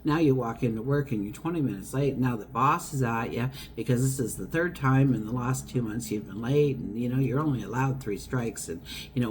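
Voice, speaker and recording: A woman's voice: rumbling low, darkish tone, a little hiss or hum. A woman giving a casual tarot horoscope reading, chatty and wandering, acting out everyday scenes as she talks. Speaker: tarot reader.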